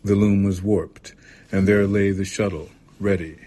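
A man reading a literary short story aloud in a calm, measured way. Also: deep voice. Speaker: reader.

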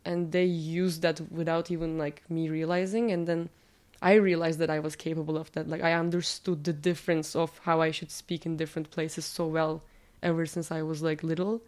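A woman's voice: low voice, level tone, normal speed, darkish tone. A woman from Turkey whose first language is Turkish, answering interview questions in a casual, chatty way, with a slightly nasal voice and many fillers.

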